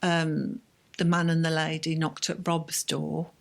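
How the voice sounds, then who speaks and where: Woman, halting emotional telling. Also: low-pitched, flat delivery, creaky. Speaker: bereaved mother, interview guest. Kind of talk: personal account in an interview.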